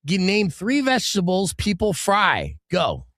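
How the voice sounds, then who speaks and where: A man's voice: sits high, huge pitch swings, a little slow, a bit bright, dry recording, studio quality. A man hosting a casual comedy podcast, running a quiz game as a playful, upbeat quizmaster who laughs often.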